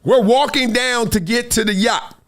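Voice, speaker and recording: A middle-aged man with a Southern California accent, hosting a live show and telling a story in a lively way, acting out quotes and laughing often. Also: very high voice, moderate pace. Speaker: host.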